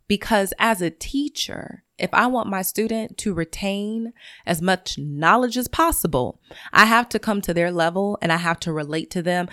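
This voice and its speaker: A woman's voice: fairly low pitch, bright, forceful tone, no echo, studio quality. A woman who is a teacher and podcast host, talking in a solo monologue in a blunt, profane and emphatic way.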